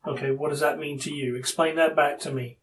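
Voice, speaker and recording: A man, a police detective, asking steady, procedural questions in an interview room. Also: a little high, a little fast. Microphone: room recording device. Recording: distant room recording with faint hiss.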